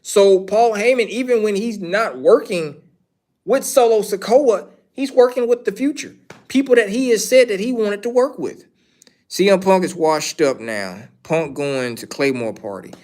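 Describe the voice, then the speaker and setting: A man talks casually on a livestream, his voice sitting a little higher than most men's. He rambles, repeats his points, and gives blunt opinions while answering questions from chat. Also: a little mellow. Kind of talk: casual wrestling commentary.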